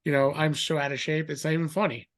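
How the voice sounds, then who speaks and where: A middle-aged man telling a story in a rambling, animated way, acting out the voices of others. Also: a little high, fast talker. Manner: animated, acts out quoted voices; rambling with fillers and restarts. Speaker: guest. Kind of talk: casual storytelling.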